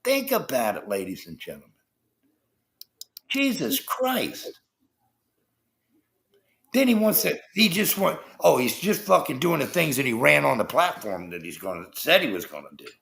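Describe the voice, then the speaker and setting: On a livestream, a man rants heatedly about politics, swearing constantly and addressing his chat viewers. His voice is a little high, very animated and fairly bright, with a creaky edge, normal speed and frequent pauses.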